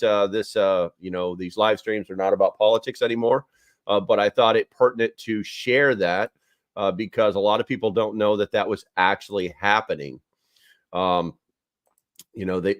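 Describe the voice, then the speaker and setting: A man's voice: lowish voice, no room sound, studio quality. A man hosting a casual live stream, rambling with many fillers as he chats with viewers.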